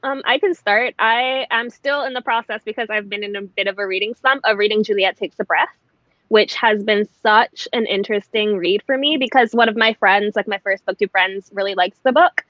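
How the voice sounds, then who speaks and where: A young woman from Barbados, a guest on a live video call book chat, chatty and quick to laugh. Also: mid-range voice, no echo. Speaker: guest booktuber. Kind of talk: casual live-stream chat. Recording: dry dull video call audio.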